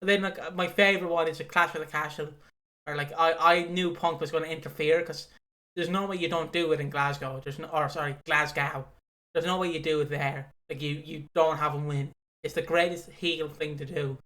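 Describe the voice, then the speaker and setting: A young man co-hosts a casual wrestling podcast, rambling and swearing a lot as he excitedly tells stories. His voice is a little high and his pace brisk.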